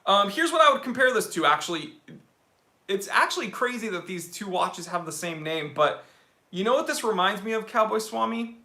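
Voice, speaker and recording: Bright-voiced watch-loving streamer. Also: male voice, high voice, moderate pace, roomy sound. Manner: opinionated, animated, with fillers. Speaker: watch reviewer, live stream host. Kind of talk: casual live-stream chat.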